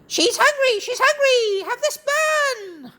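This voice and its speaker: Lively, very slow-reading woman. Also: very high-pitched. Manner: lively, exclamatory, slow and clear. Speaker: storybook reader. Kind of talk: reading a children's story aloud in voices.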